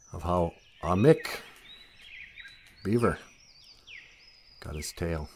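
A man telling a folk tale outdoors in a relaxed, conversational way. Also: mid-range voice. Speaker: storyteller. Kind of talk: casual oral storytelling.

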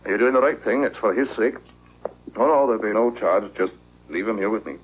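A man's voice: fairly low pitch, brisk, breathy edge. An actor playing a stern, curt male country veterinarian, in an old film. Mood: calm. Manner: curt and dismissive. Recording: tinny old film soundtrack, faint music.

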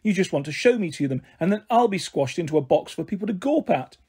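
Guy doing a snooty tiny old fairy girl, sniffy and bossy, husky voice swooping up high. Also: animated, quick pace, mellow, full character voice. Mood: scornful. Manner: haughty, sniffy and scolding. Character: tiny ancient prickly female fairy, scornful.

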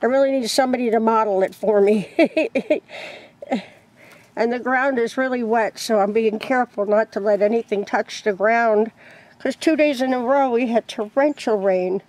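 A woman's voice: a little high, moderate pace, darkish tone. A woman chatting casually and rambling, laughing often, outdoors by a chicken coop. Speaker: crochet vlogger. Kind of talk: casual vlog chat.

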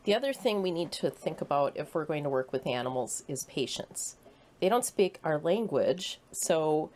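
A woman giving a patient, clear presentation to children about how animals learn. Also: lowish voice, darkish tone. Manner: clear, patient explaining with playful acted quotes. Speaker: humane society educator.

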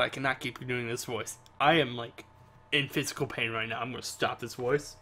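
A man's voice: medium pitch, fairly even intonation, normal speed, sharp tone. Laid-back joking man, game commentary. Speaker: let's player. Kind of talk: casual gameplay commentary.

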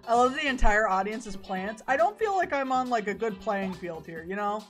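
A woman's voice: medium pitch, lively intonation, a little fast, soft background music. A young adult woman streamer giving casual, sarcastic commentary while playing a game. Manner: wry, sarcastic, laughs often. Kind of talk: casual let's-play commentary.

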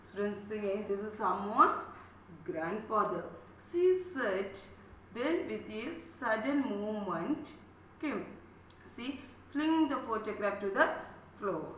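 A woman's voice: mid-range voice, sing-song, takes it slowly, fairly bright tone. A woman teacher with an Indian English accent reads a story aloud to a class, then repeats and explains each line in simple words, with many okays. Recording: echoey room, heard from a distance, faint hum.

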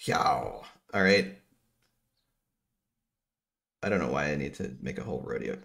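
A man's voice: very deep voice, expressive, measured pace, gravelly, a bit bright. A middle-aged man from New Jersey giving a casual economics lecture, working through equations aloud with rambling asides and frequent self-interruptions.

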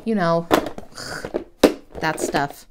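Woman, 30s, lowish voice, rambling self-deprecating craft vlogger talking at her desk. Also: very slow, very noisy. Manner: chatty, rambling and self-deprecating, with slangy asides. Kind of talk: casual craft tutorial chat.

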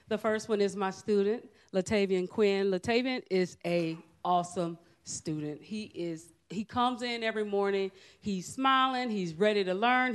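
A woman with a smooth, clear voice presents an award. She praises her student in an upbeat, friendly way at a public meeting. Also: mid-range voice.

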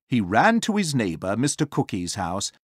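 A storybook narrator reading a children's tale aloud in an expressive, sing-song way. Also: mid-range voice, moderate pace, no room sound, studio quality.

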